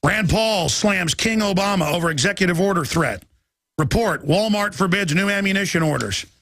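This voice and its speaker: A man hosting a talk radio show, ranting urgently and reading headlines aloud in quick bursts. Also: high voice, a bit bright, no room sound, clean studio sound. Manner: reads headlines aloud rapidly.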